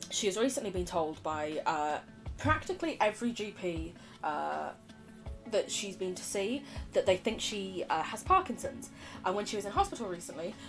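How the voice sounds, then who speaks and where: Lively British woman streamer. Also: medium pitch. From United Kingdom. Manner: chatty, goes off on tangents, laughs often. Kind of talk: casual livestream chat while gaming.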